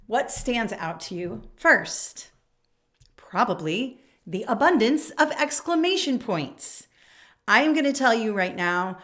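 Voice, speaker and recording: A woman's voice: medium pitch, fairly bright tone. A woman in her forties coaching teachers on email habits, talking straight to camera in a direct, emphatic way and reading sample emails aloud. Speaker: education coach. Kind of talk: instructional talk to camera.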